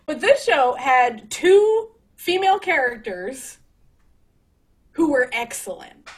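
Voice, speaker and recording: A woman's voice: sits high, big pitch swings, slow pace, low-quality recording. A young woman hosting a podcast, chatting casually and animatedly, laughing and swearing as she acts out quotes. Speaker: podcast host. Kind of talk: casual chat.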